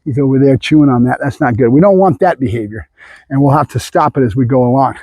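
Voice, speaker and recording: A man who is a dog trainer, explaining his methods in a casual way and often checking in with the viewers with a quick "right?". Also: mid-range voice, dark tone, dry recording, rough recording. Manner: casual, talks to the viewers with frequent "right?" asides.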